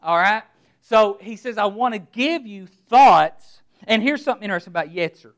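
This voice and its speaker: High-voiced man preaching a sermon. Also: expressive, normal speed, fairly bright tone. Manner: emphatic preaching, word-by-word emphasis, rhetorical questions. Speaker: pastor.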